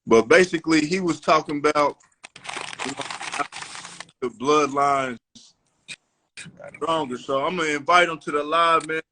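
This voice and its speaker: A man's voice: fairly high pitch, a little slow, pauses often, bright, forceful tone, slight background noise. A man hosting a live podcast in a loose, slangy way, calling out viewers and friends. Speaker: podcast host. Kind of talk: casual live-stream chat.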